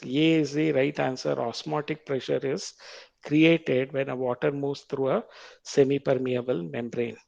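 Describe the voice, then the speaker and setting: A man with an Indian English accent lecturing on biology, reading quiz questions aloud, repeating them slowly and explaining the answers patiently. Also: a little high, gravelly, darkish tone, no room sound. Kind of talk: quiz-style classroom lecture.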